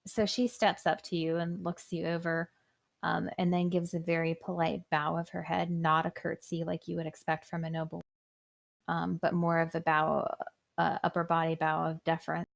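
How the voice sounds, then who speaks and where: A woman running a one-on-one tabletop game as game master, narrating descriptively and often pausing on "um". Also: lowish voice, little pitch movement, creaky. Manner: descriptive, with frequent "um"s.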